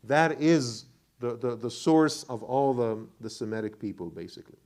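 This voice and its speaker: Speaking at normal speed in a mid-range, slightly mellow voice, this male imam lectures a class on Quran commentary. He keeps asking the audience questions and frequently repeats his words.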